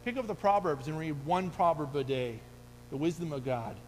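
Middle-aged male preacher, earnest exhorting sermon delivery, high voice, reverberant hall. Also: lively intonation, normal speed. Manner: earnest, exhorting, quotes scripture. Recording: long hall reverb, faint hum.

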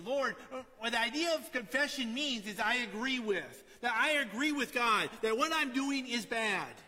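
A middle-aged man preaching a sermon in a conversational way, often asking "right?" and dropping to a quiet storytelling tone. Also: very high-pitched, long reverb tail. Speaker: pastor.

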